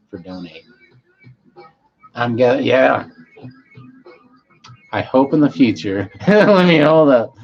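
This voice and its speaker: A man hosting a casual livestream, high and rambling, swearing freely and losing his train of thought as he reads chat aloud. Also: a little mellow, dull audio. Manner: loose, meandering, self-interrupting, stoned and swearing. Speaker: livestream host.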